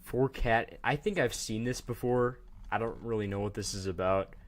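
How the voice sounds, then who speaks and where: A man with a fairly low voice hosts a casual livestream. He rambles from thought to thought, cracks jokes and talks directly to his chat. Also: moderate pace. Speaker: livestream host.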